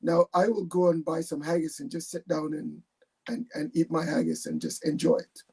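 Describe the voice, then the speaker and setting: Husky gravelly man, hesitant storyteller. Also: fairly high pitch, moderate pace. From born in England, raised in Jamaica. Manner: hesitant, repeats words, relaxed storytelling. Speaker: guest, retired army captain. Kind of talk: video call interview.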